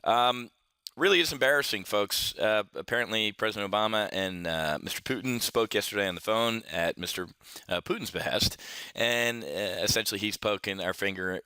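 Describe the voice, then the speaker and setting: A man's voice: fairly low pitch, pushed and bright, no echo. A man giving off-the-cuff market commentary, sarcastic and rambling, full of fillers and restarts, calling his viewers folks. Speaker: investment strategist and market commentator.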